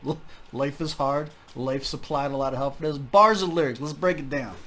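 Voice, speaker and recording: A man's voice: fairly high pitch, normal speed, pushed and bright, a little hiss or hum. Profane, upbeat young man reviewing music. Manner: candid, profane, enthusiastic. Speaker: music reaction host. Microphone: desk microphone.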